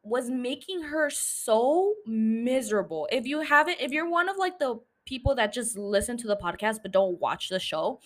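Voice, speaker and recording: A woman's voice: a little high, expressive, moderate pace, hardly any pauses. A young adult woman hosting a solo podcast, rambling casually, swearing and laughing at herself. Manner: rambling, self-mocking, swears freely, frequent laughs. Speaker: podcast host.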